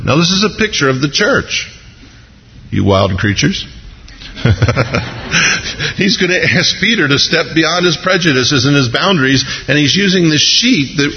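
A man's voice: fairly high pitch, lively intonation, unhurried, big-room sound, muffled recording. A man preaching a sermon in a conversational, humorous way, acting out the people he quotes. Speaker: pastor.

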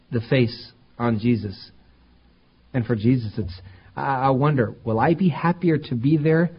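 Husky-voiced man preaching a sermon. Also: mid-range voice, muffled recording. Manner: conversational preaching that rises to emphatic peaks. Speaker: pastor.

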